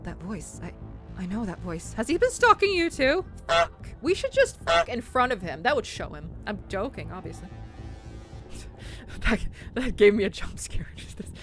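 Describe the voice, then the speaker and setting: A woman streaming a story game, reading the lines aloud, playful and laughing with loud swearing outbursts. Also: mid-range voice, sing-song, normal speed, faint music behind.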